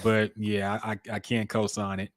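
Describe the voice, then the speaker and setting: A man's voice: fairly low pitch, completely flat delivery, normal speed, no room sound, studio quality. A man co-hosting a music podcast, giving laid-back, candid opinions in casual chat. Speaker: podcast co-host.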